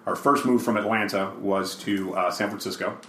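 An older man with a low-set voice tells rambling stories in a relaxed, chatty podcast conversation. He slips into acted-out quotes as he goes. The room is echoey, with a faint hiss underneath. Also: normal speed. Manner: rambling storyteller who acts out quotes. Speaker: guest, father of the host. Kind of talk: casual podcast chat.

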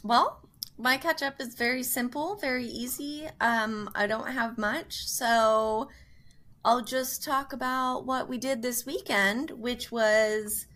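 A woman's voice: on the high side, steady tone, slow pace, a bit bright. A woman co-hosting a podcast, chatting casually and bubbly, laughing often. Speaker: podcast co-host. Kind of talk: casual chat.

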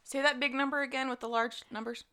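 A woman's voice: sits high, steady tone, quick pace, pushed and bright. A woman co-hosting a casual podcast, ranting with lots of swearing and outrage. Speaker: podcast co-host.

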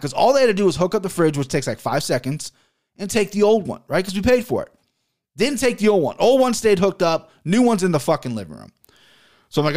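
Podcast host, man, slightly high voice, swears freely, exasperated storyteller. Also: big pitch swings, a little fast. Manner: profane, exasperated rant. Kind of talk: casual storytelling.

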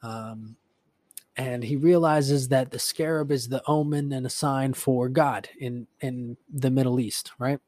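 A man's voice: medium pitch, fairly even intonation, unhurried, darkish tone, no room sound. A man hosting a podcast, retelling a book in a casual, rambling way with lots of swearing and filler words. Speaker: podcast host.

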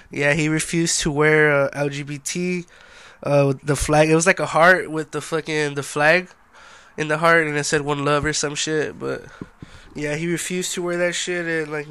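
A man's voice: fairly high pitch, a bit bright, clean tone, dry recording. A young man hosting a casual solo podcast, laid-back and a little tipsy and sluggish, swearing constantly and saying "dude" a lot. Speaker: podcast host.

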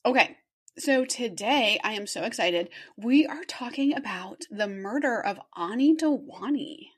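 A woman's voice: on the high side, expressive, unhurried, slightly rough. A young woman co-hosting a podcast, chatting casually and reading a true crime case from her script with a giggle here and there. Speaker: podcast co-host presenting the case.

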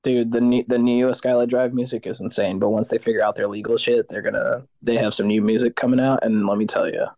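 A man's voice: medium pitch, fairly even intonation, a little fast, few pauses, a little mellow, dry recording. A man, a guest vocalist in a casual interview, telling stories animatedly, acting out the voices of others and swearing casually.

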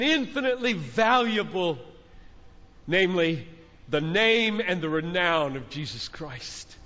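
High-voiced fervent preacher in a big hall. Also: male voice, animated, measured pace, sharp tone. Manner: fervent, exhorting, emphatic repetition. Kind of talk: sermon. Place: large conference hall. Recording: dull recording, long hall reverb.

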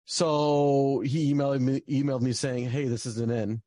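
A man's voice: mid-range voice, flat delivery, normal speed, warm tone, dry recording. A young man telling a personal story in a casual, rambling way, with lots of fillers and bursts of frustration. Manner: rambling, many fillers, gets heated and swears.

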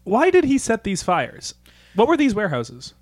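A man's voice: high voice, huge pitch swings, normal speed. A man hosting an improvised comedy interview, asking probing, playful questions.

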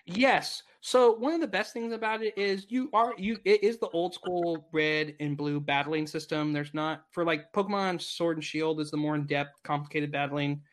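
A man's voice: fairly high pitch, fairly even intonation, moderate pace, hardly any pauses. A man in his thirties co-hosting a casual gaming podcast, talking eagerly and rambling with restarts. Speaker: podcast co-host.

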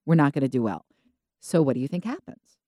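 A woman co-hosting a podcast, telling Bible stories casually and acting out the characters in quick voices. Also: low-pitched, dry recording. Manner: animated storytelling, acts out biblical characters in quick voices. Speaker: podcast co-host.

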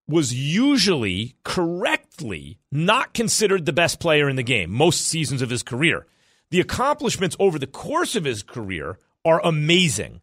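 A man hosting a sports talk radio show, arguing his opinions in a fast, animated, self-correcting way. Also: on the high side, dry recording, studio quality.

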